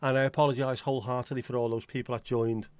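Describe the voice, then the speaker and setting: A man's voice: medium pitch, flat delivery, quick pace, darkish tone, clean tone, no room sound. Scouse guy rambling on his livestream, jokey and sweary, says hi to chat, dead dry close mic. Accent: Liverpool. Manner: chatty, jokey, greets viewers by name, swears casually. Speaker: livestream host.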